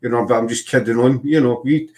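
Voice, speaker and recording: A man's voice: medium pitch, steady tone, quick pace, mellow. A man with a Scottish accent, hosting a casual chat and telling rambling stories full of fillers and restarts. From Scotland. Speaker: podcast host.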